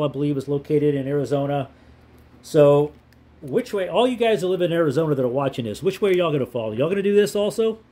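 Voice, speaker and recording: Older male veteran, casual map commentary, slightly high pitch, chuckles and asks questions. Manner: chatty, rhetorical questions, chuckling asides.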